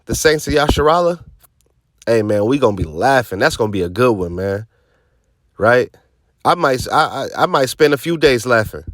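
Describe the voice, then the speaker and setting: A man's voice: medium pitch, animated, normal speed, fairly bright tone, no room sound, clean studio sound. A man preaching scripture informally, emphatic and streetwise, often tossing in "man" and "right?" and sarcastic asides. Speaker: teaching officer of a religious group.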